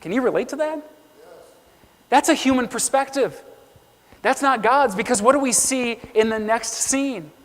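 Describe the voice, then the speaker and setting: High-voiced man preaching in a hall. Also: normal speed, long pauses. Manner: earnest, reads scripture aloud and acts out quotes. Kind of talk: sermon. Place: church sanctuary. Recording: long reverb of a church hall.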